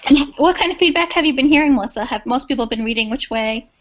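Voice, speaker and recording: Fast-talking woman on a video call. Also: high voice, a bit bright. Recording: dull lo-fi video call audio.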